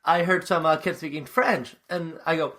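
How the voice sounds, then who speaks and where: A young man in his twenties co-hosting a podcast, telling stories in a fast, animated casual chat. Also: on the high side. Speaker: podcast co-host.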